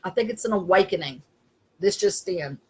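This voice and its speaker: A woman's voice: medium pitch, moderate pace, husky, poor audio. Chatty woman spiritual consultant on a call. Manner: chatty, self-deprecating, laughs often, trails off. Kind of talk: casual chat. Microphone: video call.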